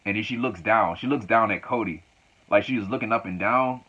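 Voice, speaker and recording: A man's voice: lowish voice, a little fast, sharp tone, muffled recording. A man reviewing a wrestling show in a casual, rambling way, repeating phrases as he recaps.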